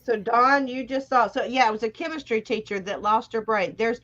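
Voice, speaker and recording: A woman's voice: fairly high pitch, normal speed, fairly bright tone, lo-fi sound. A woman co-hosting a live show, chatting candidly with plenty of fillers. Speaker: co-host. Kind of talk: casual chat.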